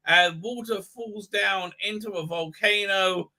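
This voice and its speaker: A man hosting a live stream rants in a sarcastic, crude way and keeps stalling with filler sounds. His voice sits a little high and sounds very bright and tense. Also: fairly even intonation, measured pace. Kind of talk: ranting pop-culture commentary.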